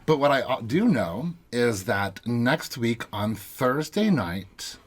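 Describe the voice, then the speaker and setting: A man's voice: medium pitch, lively intonation, slow, breathy edge. A man co-hosting a podcast in a small closet studio at home, chatting casually and rambling with frequent restarts. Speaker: podcast co-host. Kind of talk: casual recap chat.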